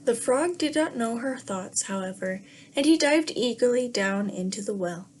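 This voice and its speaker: A woman teacher reading a fairy tale to young children in a gentle way, pausing to ask the class questions. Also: on the high side, lively intonation, slight background noise. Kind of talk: read-aloud lesson for young children.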